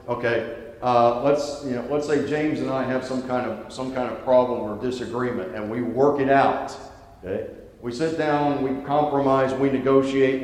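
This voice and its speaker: A man's voice: mid-range voice, a little mellow. A man with a Southern US accent teaching a Bible study class, talking casually and putting questions to the class. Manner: conversational, asks the class questions. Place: church classroom, also streamed online. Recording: long hall reverb.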